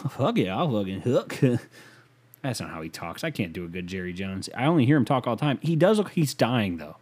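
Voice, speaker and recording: A man's voice: lowish voice, darkish tone. A man hosting a casual solo podcast, rambling, profane and mocking as he rants. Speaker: podcast host.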